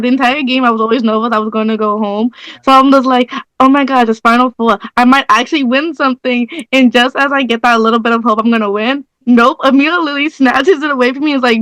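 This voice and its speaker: A young woman talks casually as a returning reality show contestant, animated and full of acted-out quotes. Her voice sits a little high and the sound is dry and close. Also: dry recording, rough recording. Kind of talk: casual reunion chat.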